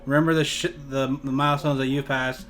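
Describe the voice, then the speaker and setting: Hesitant mid-pitched man interviewer. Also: level tone, a little fast, fairly bright tone. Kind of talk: casual interview talk.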